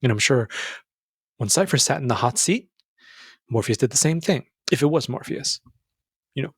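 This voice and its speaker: A young man hosting a podcast, giving a casual, earnest motivational talk that addresses the listener as brother and jumps up in pitch when he stresses a point. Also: lively intonation, moderate pace, slightly rough, dry recording, studio quality. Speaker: podcast host. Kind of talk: motivational monologue.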